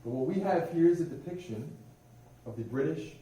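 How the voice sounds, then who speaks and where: A man's voice: fairly high pitch, lively intonation, moderate pace, dark tone. A man, a religious affairs airman, giving a chatty, informal history talk to a museum audience and often turning to them with questions. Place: museum room. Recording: roomy hall, distant mic, faint noise.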